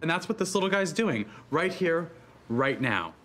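An actor playing an uptight, sarcastic gay dad in a sitcom, with dry, pointed delivery. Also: male voice, a little high, very animated, moderate pace, a bit bright, a little hiss or hum. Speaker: sitcom character. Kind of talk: sitcom acting.

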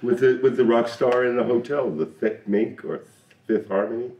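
A man's voice: mid-range voice, steady tone, moderate pace, echoey room. A man, an actor guest, bantering and laughing in a casual chat. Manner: laughing, jokey. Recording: distant mic with crowd behind.

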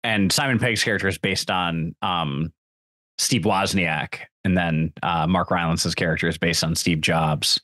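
Low-voiced podcast co-host, a man. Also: fairly even intonation, unhurried, sharp tone, dry recording, clean studio sound. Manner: thoughtful, explanatory, with fillers. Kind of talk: casual movie-review chat.

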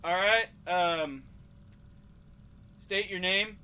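A man's voice: high voice, bright, forceful tone, clear, resonant tone. A man hosting a game play-through, joking as a mock casting director. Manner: slow, mock-official casting director bit. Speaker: gaming channel host.

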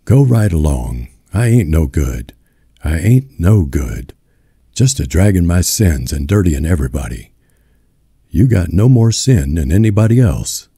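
A man's voice: sits low, sing-song, unhurried, creaky, warm tone, breathy edge, no room sound, clean studio sound, exaggerated voice. A man doing drunk despairing Uncle John. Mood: self-pitying.

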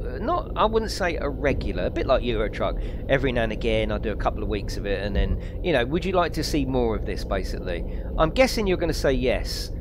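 A man streaming a driving game, chatting excitedly with viewers and reading out their comments. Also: noisy background. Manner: chatty and excitable, reads out chat, lively pitch swings. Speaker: gaming streamer. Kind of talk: live let's-play commentary, chatting with viewers.

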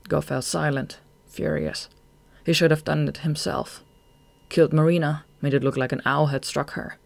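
An audiobook narrator reading a novel chapter in a measured way, slowing down at tense moments. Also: mid-range voice, flat delivery, creaky, no echo.

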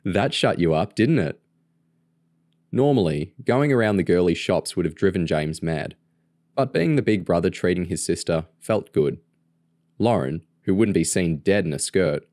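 A man narrating a novel aloud in a steady, even reading voice. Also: low-pitched, dry recording, clean studio sound. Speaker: audiobook reader. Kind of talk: storybook narration.

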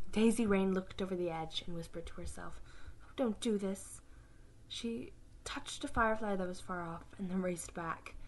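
A woman reading a roleplay story aloud, slow and halting with frequent restarts. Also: mid-range voice, a little hiss or hum, low-quality recording.

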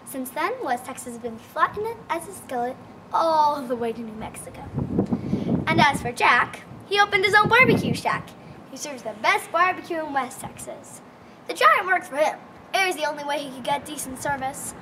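A woman telling a children's tall tale in a lively, expressive, folksy way. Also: high voice, moderate pace, noisy background. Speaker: storyteller. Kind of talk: animated storytelling for children.

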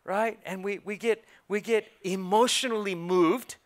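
A man preaching a sermon in a church, playful and animated, acting out how churchgoers react. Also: high-pitched, unhurried. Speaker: pastor. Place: church sanctuary.

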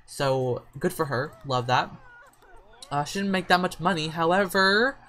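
A young man giving casual gameplay commentary, gushing and excitable, gasping often and chatting to viewers in sassy slang. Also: fairly high pitch, measured pace. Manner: gushing and excitable, frequent gasps and exclamations. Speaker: gaming YouTuber.

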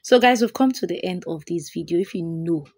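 A woman hosts a homemade DIY tutorial in a tired voice set a little low. She talks chattily and keeps pleading with viewers to support the channel. The sound is close and dry, with no room around it. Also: lively intonation, brisk, a little mellow, breathy edge, no echo. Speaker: channel host, DIY formulator. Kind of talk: tutorial voice-over.

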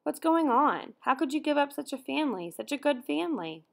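A woman's voice: sits high, very animated, brisk, creaky, voice pushed up, exaggerated voice. Woman reading as a bewildered, questioning mother. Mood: puzzled. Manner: puzzled, questioning. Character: bewildered caring mother of a household. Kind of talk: audiobook dialogue reading.

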